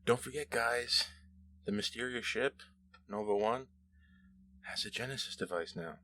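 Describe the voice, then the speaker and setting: A man's voice: medium pitch, measured pace, pushed and bright, slight background noise. A man hosting a show, casually reading and answering viewer comments in a rambling, self-correcting way with frequent laughs.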